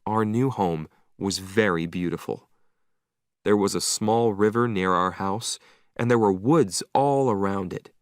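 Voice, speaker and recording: A man narrating a simple story slowly and clearly for English learners, with an expressive reading. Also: lowish voice, no echo, clean studio sound.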